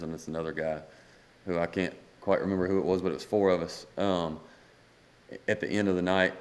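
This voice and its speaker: Low-voiced guy rambling through a story on a podcast, doing everyone's lines. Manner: rambling anecdotes acting out quoted dialogue. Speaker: guest singer-songwriter. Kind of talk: casual storytelling in a podcast chat.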